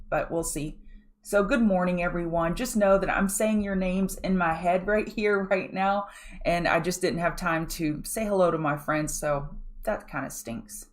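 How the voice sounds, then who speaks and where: A woman hosting a pre-market trading show, walking viewers through charts in a direct, coaching way and often asking them to look at the chart. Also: fairly low pitch. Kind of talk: live chart analysis walkthrough.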